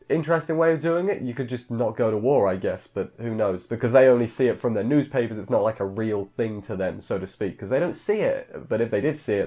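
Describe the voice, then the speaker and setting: A man's voice: fairly low pitch, warm tone, highs cut off. A man casually recapping an anime episode in a rambling, offhand way, full of fillers. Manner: rambling, offhand, filler-heavy, mimics characters in quotes. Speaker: anime reviewer.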